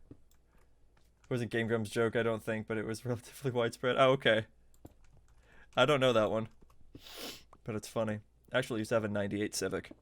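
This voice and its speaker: Male game streamer, medium pitch, casual and chatty, quick to laugh and startle. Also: no echo. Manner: chatty, laughs often, excitable reactions. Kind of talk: casual live gameplay commentary.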